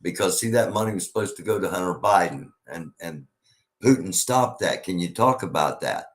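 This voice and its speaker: A man's voice: deep voice, lively intonation, moderate pace. A man hosting a live news commentary show, talking sarcastically over clips he plays.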